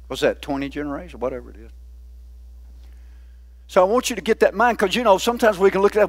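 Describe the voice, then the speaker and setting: A man's voice: high-pitched, quick pace, pauses often. A man preaching a sermon in a folksy, conversational way, often putting questions to the congregation. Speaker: pastor.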